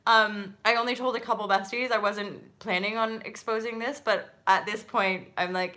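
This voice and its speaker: A woman hosting her own channel, telling a story in a casual, animated monologue, full of asides and freely swearing. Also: mid-range voice, moderate pace, hardly any pauses. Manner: chatty, with many fillers and asides. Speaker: channel host.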